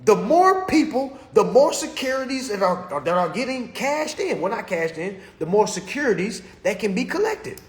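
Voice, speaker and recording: A man delivering an animated motivational rant to his followers, preachy and repetitive, constantly checking in with his listeners. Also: sits high, normal speed, hardly any pauses, echoey room. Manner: preachy, keeps checking in with "all right?". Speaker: social media host.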